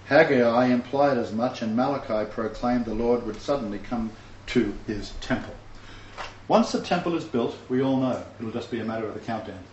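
Reading from scripture at a moderate pace, this preacher speaks fervently and adds scornful remarks. His mid-range voice has a darkish tone, and the recording sounds roomy, distant, and dull, with faint ambience and slight background noise.

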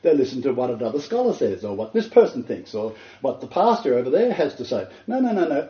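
A man preaching a sermon as pastor, animated and emphatic, often breaking into laughter. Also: medium pitch, fast, hardly any pauses, echoey room, highs cut off.

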